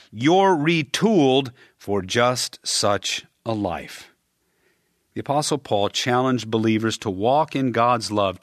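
A man preaching a sermon in an earnest, emphatic way, rising on key words and dropping soft at line ends. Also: medium pitch, dry recording, studio quality.

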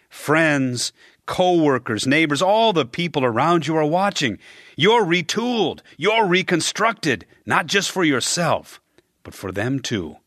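A man preaching a sermon in an earnest, emphatic way, rising on key words and dropping soft at line ends. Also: fairly high pitch, dry recording, studio quality.

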